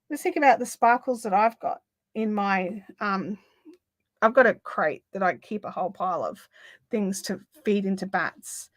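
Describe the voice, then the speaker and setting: Middle-aged Australian woman, livestream host; bright, lively, casual, dry close mic. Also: medium pitch, dry recording. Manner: chatty, lots of fillers, laughs easily. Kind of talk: casual chat, reading viewer comments.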